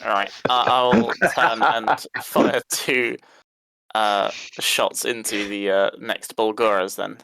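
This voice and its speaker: A man's voice: on the low side, steady tone, takes it slowly, creaky, pushed and bright, clean tone, no room sound. A man playing a tabletop game with a dry, wry delivery, who chuckles at his own moves. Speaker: player.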